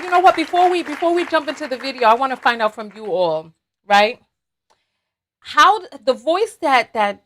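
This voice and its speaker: A woman's voice: high voice, a bit bright. A woman hosting a livestream, chatting animatedly and talking straight to her viewers. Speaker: host. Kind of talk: livestream commentary chat.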